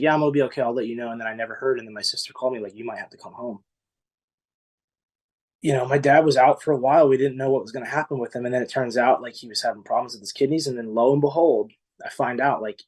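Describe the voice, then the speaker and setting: A man in his mid-twenties, a podcast guest, talking in a casual, halting way with many fillers and restarts, earnest and emotional. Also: medium pitch, husky. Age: 20s. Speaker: podcast guest, former singing contestant. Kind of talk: emotional interview recollection.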